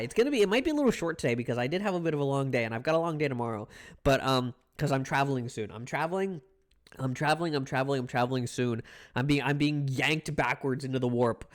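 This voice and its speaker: Male streamer, casual live chat, playful, rambling, fairly high voice.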